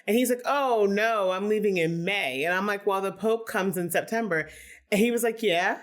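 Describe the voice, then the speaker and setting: A woman from Philadelphia, a podcast guest talking candidly and casually, with many "like"s and an animated, open way of speaking. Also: mid-range voice, fairly quick. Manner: candid, animated, heavy use of "like". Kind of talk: casual conversation.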